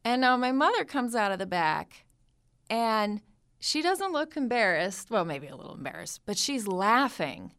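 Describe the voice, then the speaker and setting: A woman in her thirties telling a personal family story with lively, animated delivery. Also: a little high, moderate pace. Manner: lively, animated retelling with acted-out quotes. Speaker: storyteller guest.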